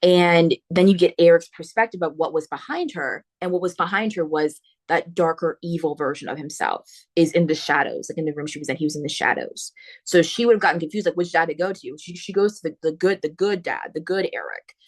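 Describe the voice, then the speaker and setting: A woman hosting a book podcast, retelling a horror novel's plot in a casual, animated way with slangy asides. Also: fairly low pitch, brisk. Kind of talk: casual spoiler book talk.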